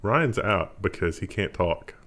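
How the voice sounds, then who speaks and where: A man's voice: low voice, animated, measured pace, a bit bright. A man co-hosting a casual tech news show, reading headlines and cracking sarcastic quips. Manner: laughs easily, sarcastic quips.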